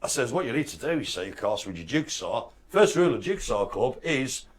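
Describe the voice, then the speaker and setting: A man's voice: mid-range voice, a little fast. A man co-hosting a casual live stream, bantering and joking. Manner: jokey, lively banter. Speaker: co-host.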